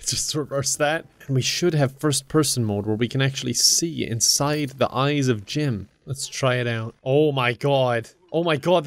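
A man's voice: medium pitch, a bit bright, dry recording. A young man giving casual gameplay commentary, often laughing, swearing and joking with the characters on screen. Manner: talks to game characters in silly mock voices. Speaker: gaming commentator.

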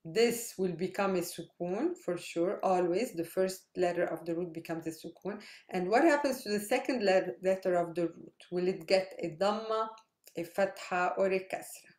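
A woman's voice: on the low side, normal speed, a little mellow, roomy sound. A woman teaching a language lesson, patiently spelling out letters and repeating each word. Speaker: Arabic teacher. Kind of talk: slow explanatory lesson.

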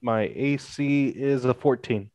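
A man's voice: mid-range voice, slow, darkish tone, no echo. A man playing a tabletop game, speaking a bit hesitantly as he checks the rules for his moves. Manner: hesitant, asks rule questions. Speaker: player. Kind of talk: casual tabletop play.

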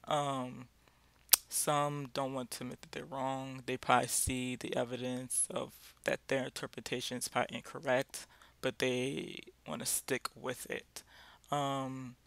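A man leading a casual Bible study talk, speaking haltingly with many fillers and restarts. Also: mid-range voice, gravelly, a bit bright, clear, resonant tone, no echo.

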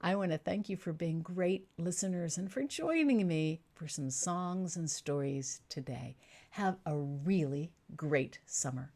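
A middle-aged woman storyteller guiding young children through a simple craft and answering their questions slowly and clearly. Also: fairly low pitch, lively intonation. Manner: warm, patient, slow and clear for young children.

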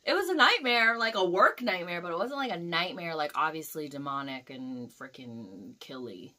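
A young woman vlogger telling a dream story in a casual, animated way, swearing freely and acting out the scenes. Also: on the low side, normal speed.

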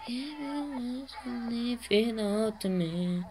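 Slow and somewhat high-pitched, this gaming channel host gives hyped-up let's-play commentary, cursing constantly and cracking herself up, with a noisy background behind her.

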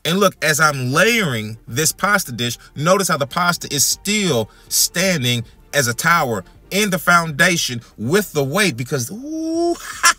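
A man's voice: fairly high pitch, animated, unhurried, bright, forceful tone, no room sound, soft background music. A man hosting a home cooking demonstration in his kitchen, talking folksy and calling his viewers y'all and family. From Texas. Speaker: home cooking channel host.

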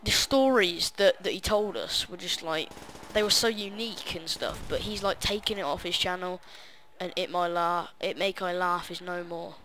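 A young man rambles through casual gaming commentary, with plenty of ums and side remarks. His voice sits at a middle pitch with a bright, hard edge. A faint hiss from a home mic runs under it. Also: steady tone, moderate pace, hardly any pauses. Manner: rambling, casual, many fillers and asides. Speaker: gaming YouTuber.

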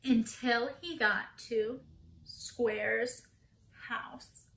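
A woman's voice: on the high side, fairly even intonation, extremely slow, fairly bright tone, reverberant. A woman teacher reading a picture book aloud to children, asking them questions and gasping for effect.

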